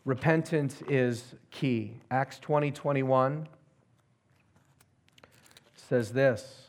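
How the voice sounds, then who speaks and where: A male pastor delivering a sermon with emphasis. He keeps turning to his listeners with questions. His voice sits at a middle pitch. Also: extremely slow, a little mellow. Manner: emphatic, asks the audience questions.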